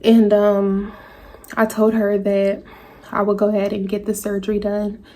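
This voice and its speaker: A woman in a vlog telling a personal story to her viewers, speaking in a halting, emotional way. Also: mid-range voice, completely flat delivery, dark tone. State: tearful at times. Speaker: vlogger. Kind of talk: personal story told to camera.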